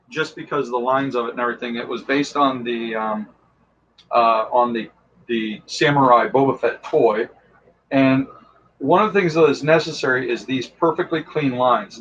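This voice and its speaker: A man's voice: medium pitch, fairly bright tone, slight background noise. Brief: an easygoing man demoing his crafting tools, chatty with lots of fillers, slightly muffled sound. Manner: enthusiastic, rambling, many fillers. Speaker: costume and prop maker guest. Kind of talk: casual how-to talk.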